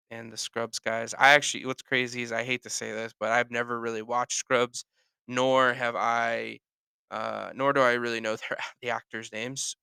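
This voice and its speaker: A man rants casually on his own podcast, rambling and correcting himself as he goes, with sighs between thoughts. His voice is bright and clear, with gravelly fry. The sound is dry and close. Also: medium pitch, no echo. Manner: rambling, self-correcting, sighing. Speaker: podcast host. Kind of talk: casual solo rant.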